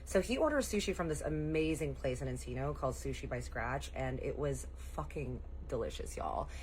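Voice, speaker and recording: A woman telling her viewers a story in a casual, chatty way, full of "like" and casual swearing, voicing her own reactions in high jumps. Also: expressive, normal speed, a little mellow, slight background noise.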